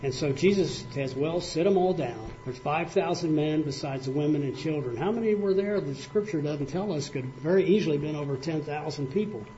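A man's voice: fairly high pitch, brisk, hardly any pauses, dark tone. An older man preaching a folksy sermon, telling stories in a plainspoken, conversational way with spoken fillers. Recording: muffled lo-fi recording with faint hiss.

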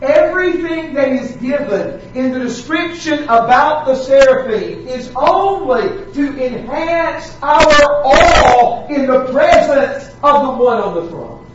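High-voiced preacher in an echoey hall. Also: male voice, expressive, slight background noise. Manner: dramatic slow emphasis on repeated words. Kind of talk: sermon. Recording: echoey hall, distant mic, dull sound.

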